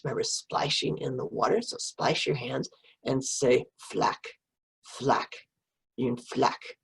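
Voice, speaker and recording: A woman's voice: very deep voice, gravelly, slightly rough. A middle-aged woman reading a picture book to children and coaxing them to repeat French words.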